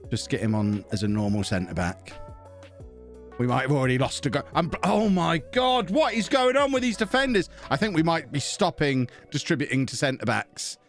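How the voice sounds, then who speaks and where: A man on a live stream, talking through a football management game in a loose, chatty way. He thinks out loud, mocks himself and keeps breaking off to thank subscribers. His voice sits a little high, with faint game music underneath. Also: expressive, normal speed. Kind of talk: casual live-stream commentary.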